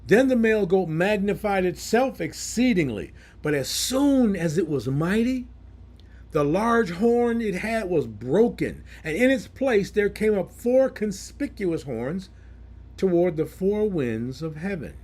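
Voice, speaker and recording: Animated high-voiced male preacher. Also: unhurried. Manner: explains scripture verse by verse in plain words. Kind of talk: Bible teaching sermon.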